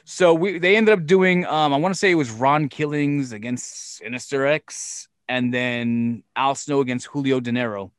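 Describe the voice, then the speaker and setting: A man's voice: medium pitch, normal speed, few pauses, clean tone, no room sound, studio quality. A man casually telling a long story and acting out the other people's lines, swearing often. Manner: profane, animated, acts out quoted voices. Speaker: podcast guest telling stories.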